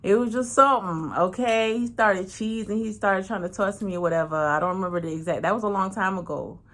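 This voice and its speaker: A woman tells a personal story casually. She talks frankly and slangily, swears freely, and acts out each person's lines. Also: a little fast. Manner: animated, acts out every voice with big pitch swings. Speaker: channel host.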